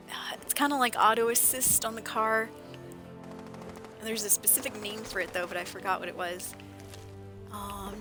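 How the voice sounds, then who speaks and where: A woman streamer chatting casually while playing a game, animated storyteller who laughs often. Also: mid-range voice. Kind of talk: casual gameplay livestream chat. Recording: game music behind voice. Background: game music.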